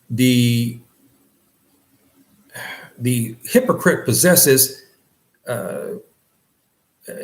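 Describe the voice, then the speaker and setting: A man teaching a lesson on faith in an earnest lecture style, repeating phrases and rising in pitch on key points. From West Africa. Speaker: religious teacher.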